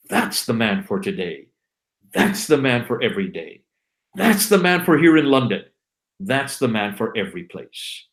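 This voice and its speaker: A man preaching with fervor on a livestream, driving his points home through repeated phrases. His pitch swings widely, climbing high on the exhortations and dropping low on the quieter lines. The delivery is urgent and exhorting throughout. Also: big pitch swings, moderate pace, rough recording. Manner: repetitive emphatic refrains; fervent, exhorting. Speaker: livestream co-host, Christian apologist. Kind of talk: impassioned preaching monologue.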